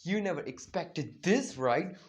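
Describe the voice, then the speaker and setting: A fan narrator voicing a cocky young male ninja hero who shouts out his attack names, in a homemade anime story. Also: mid-range voice, animated, measured pace, close to an everyday voice. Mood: smug. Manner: smug, boastful.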